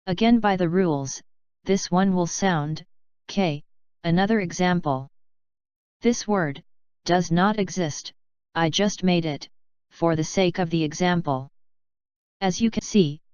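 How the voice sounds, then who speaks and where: A woman teaching a lesson in a very slow, deliberate way, explaining one rule at a time in a lowish, very clear voice. The sound is dry and close, but a bit dull and lo-fi. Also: a little mellow, no echo. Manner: slow, deliberate, spelling out rules. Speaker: language teacher. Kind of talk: step-by-step lesson narration.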